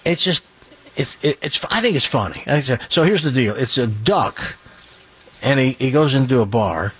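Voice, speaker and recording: A man's voice: medium pitch, lively intonation, normal speed, a bit bright, husky. A middle-aged man hosting a radio show, telling a rambling joke and doing a live ad read in a chatty way. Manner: chatty, rambling, chuckling at his own jokes.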